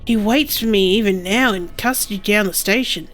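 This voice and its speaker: A woman's voice: medium pitch, normal speed, fairly bright tone, faint music behind, natural voice. A woman reading as an earnest detective heroine. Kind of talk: reading a game's narration aloud.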